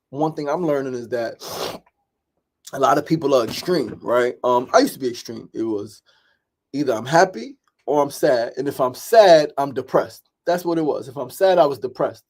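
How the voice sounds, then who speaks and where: A middle-aged man hosting a daily talk show, speaking casually and openly, swearing often, repeating phrases and checking in with "right?". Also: mid-range voice.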